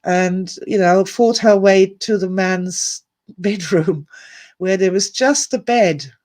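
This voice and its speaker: A woman's voice: mid-range voice, takes it slowly, darkish tone. Candid, emotional woman storyteller. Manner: emotional, candid, digressive, with sighs and laughs. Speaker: speaker at an online summit. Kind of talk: personal storytelling talk.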